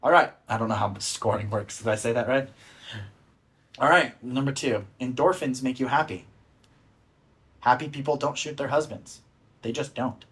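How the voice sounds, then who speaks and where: A man's voice: mid-range voice, moderate pace, long pauses, a bit bright. Give me a playful young man hosting a chatty podcast quiz. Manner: playful, laughs often, self-mocking. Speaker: podcast host. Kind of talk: casual podcast chat.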